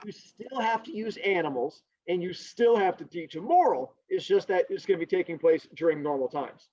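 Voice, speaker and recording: A man's voice: high-pitched, animated, normal speed, few pauses, darkish tone. A man teaching a class, explaining and telling a story in a playful, jokey way. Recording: dull lo-fi recording.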